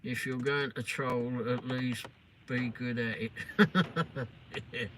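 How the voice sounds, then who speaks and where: A mid-range, steady male voice takes its time on a noisy live stream. The host, a middle-aged English man, banters sarcastically in response to viewer comments, swearing and teasing the trolls.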